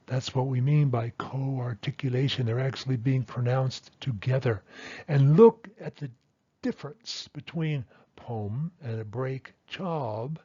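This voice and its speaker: A man's voice: a little high, warm tone, husky, dull audio. A man teaching a language lesson, patiently explaining and sounding out example words one by one. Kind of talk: explaining pronunciation at a whiteboard.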